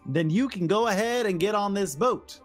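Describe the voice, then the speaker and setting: A man's voice: sits high, normal speed, faint music behind, pitched above the performer's own voice. Man putting on a pushy southern mercenary. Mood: cocky. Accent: southern (put on). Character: brash male mercenary sailor leader, pushy.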